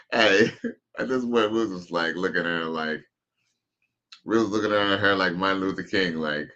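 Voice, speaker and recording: A man's voice: sits low, normal speed, long pauses, pushed and bright, lo-fi sound, a little hiss or hum. A man casually commenting on a live stream, reading chat comments aloud in laid-back slang.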